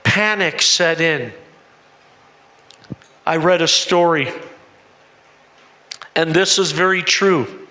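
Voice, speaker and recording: A man's voice: a little high, slow, long pauses, bright, forceful tone, reverberant, long reverb tail. A man missionary preaching a sermon, telling a story dramatically and asking the congregation questions. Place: church.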